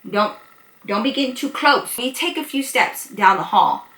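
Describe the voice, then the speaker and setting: A woman telling a personal story to her viewers in a casual, animated way, swearing and acting out both sides. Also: on the high side, normal speed. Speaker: storytime vlogger. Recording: echoey room.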